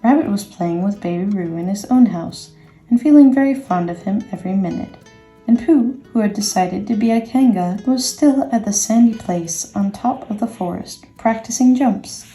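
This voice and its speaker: A woman reading a children's book aloud with gentle, expressive storytelling. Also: mid-range voice, moderate pace. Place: indoors, workspace. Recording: echoey room, faint music.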